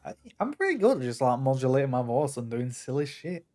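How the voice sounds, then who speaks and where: A man's voice: mid-range voice, sing-song, a little fast, mellow. A young man with a Northern English accent chatting as a guest, laid-back and blunt, casually swearing. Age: young adult. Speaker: guest in chat. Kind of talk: casual chat.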